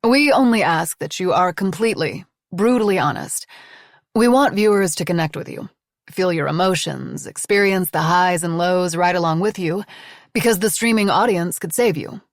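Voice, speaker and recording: A woman's voice: fairly low pitch, normal speed, no room sound, clean studio sound, natural voice. A woman voicing a poised female hostess of a mansion, dramatic and eager to please. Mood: instructive.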